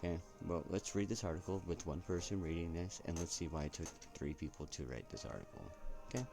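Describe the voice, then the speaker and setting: Deep-voiced man chatting casually. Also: fast, vocal fry, music in the background. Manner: chatty, keeps asking "right?". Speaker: vlogger. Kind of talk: casual commentary to viewers.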